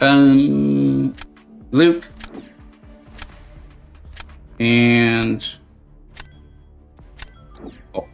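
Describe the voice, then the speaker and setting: A man's voice: medium pitch, vocal fry, fairly bright tone. A man chatting casually and joking with viewers while streaming a game, greeting them by name. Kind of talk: casual live-stream chat.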